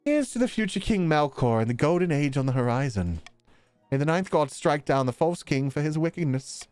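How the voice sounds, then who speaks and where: A man's voice: fairly high pitch, big pitch swings, moderate pace, a little mellow, smooth, no echo, soft background music, voice pushed up. A man voicing a pompous, scheming male noble in a medieval strategy game, grandiose and sly.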